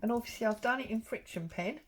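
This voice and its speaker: Talking quickly in a fairly high voice, this craft vlogger rambles casually over her embroidery, dropping lots of ums. A slight hiss or hum sits in the background.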